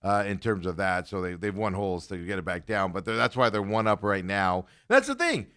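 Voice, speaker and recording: A man's voice: lowish voice, sing-song, a little fast, sharp tone, smooth. A man hosting a casual sports talk show, joking and chuckling between his points. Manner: joking, chuckling often, restarts.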